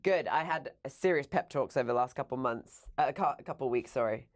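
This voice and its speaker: A woman with an English accent, talking as a podcast guest in an upbeat, chatty way with quick asides. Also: extremely low pitch, lively intonation. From England. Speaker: podcast guest, fitness coach. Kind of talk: casual chat.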